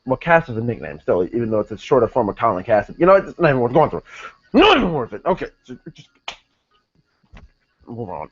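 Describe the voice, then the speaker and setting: A man's voice: mid-range voice, sing-song, fast talker, pauses often, breathy edge. A young man casually reviewing a wrestling show, rambling with many fillers and self-corrections. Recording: dull lo-fi sound, faint music behind.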